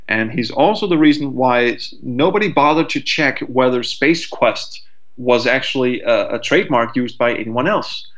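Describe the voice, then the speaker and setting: A man's voice: mid-range voice, a bit bright. Stammering man guest on a podcast. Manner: stammering restarts, storytelling. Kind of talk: casual podcast discussion.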